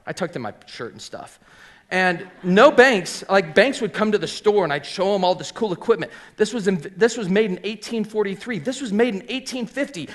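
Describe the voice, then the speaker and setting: A middle-aged hat maker who owns his own shop tells his personal story with animated flair, acting out the voices of the people he quotes. His voice sits high, and he often says "um" and "like."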